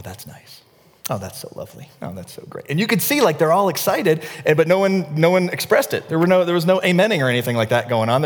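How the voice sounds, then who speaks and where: A middle-aged male pastor preaching a sermon, telling stories with energy, dropping to a hush and then rising to near shouts. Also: mid-range voice, long reverb tail. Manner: storytelling, animated, swings from hushed to near-shouting.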